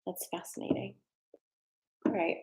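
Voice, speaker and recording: Seated at a home desk with a treadmill, a woman hosts a live-stream tarot reading, rambling chattily with fillers and sounding slightly out of breath. Her voice is a little slow and a little mellow, in an echoey room.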